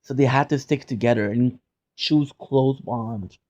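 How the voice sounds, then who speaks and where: Playful teasing young man, mellow voice. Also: mid-range voice, measured pace, dull audio. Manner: playful and teasing, bursts into mock outrage and repeated phrases. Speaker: live streamer chatting with viewers. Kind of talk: casual chat.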